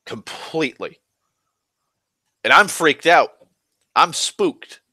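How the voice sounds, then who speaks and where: A young man talks through a loose, rambling vlog monologue, restarting sentences and swearing freely. His voice is bright and forceful, picked up dry and close with no room sound. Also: a little high, animated, takes it slowly, no room sound. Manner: rambling, restless, full of restarts and "like", swears freely, swings loud and soft. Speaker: vlogger.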